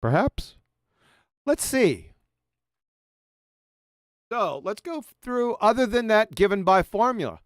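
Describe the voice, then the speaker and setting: A man's voice: sits high, sing-song, slow pace, long pauses, no echo, clean studio sound. A man giving a mocking, profane presentation over slides, sarcastically addressing an absent author as he goes. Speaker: video presenter.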